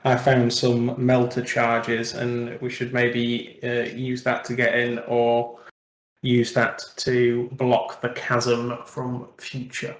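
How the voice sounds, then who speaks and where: A man with a mid-pitched voice talks as a tabletop player, laying out plans in a measured way with pauses and fillers. His voice sounds roomy and echoey. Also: monotone. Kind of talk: casual game chat. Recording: echoey room.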